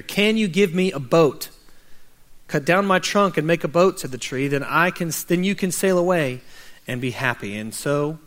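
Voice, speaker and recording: A man pastor reading a children's story aloud and then preaching a sermon. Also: on the high side. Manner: reads a story aloud gently, then preaches with rising urgency.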